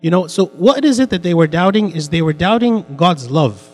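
A man's voice: high voice, animated, normal speed, in a large hall. A man teaching an interactive Bible class, repeating his points and putting questions to the students. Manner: repetitive, asks the class questions.

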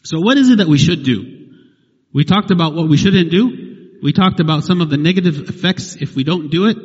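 A man's voice: a little high, brisk, husky, big-room sound, lo-fi sound. A man preaching a sermon, emphatic and full of rhetorical questions and "right?" tags.

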